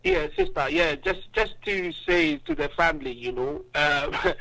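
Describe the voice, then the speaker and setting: A man's voice: sits high, creaky, pushed and bright, poor audio. A man calling in to a talk show, speaking casually with many fillers. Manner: casual, lots of "you know" and "yeah". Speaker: caller. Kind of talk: call-in discussion.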